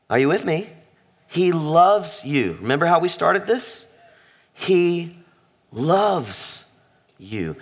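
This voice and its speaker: A man preaching a sermon in a church, with a slightly high voice that rises and falls in a lively way. He speaks slowly and with emphasis. He often repeats his phrases and asks the congregation questions. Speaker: pastor. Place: church sanctuary.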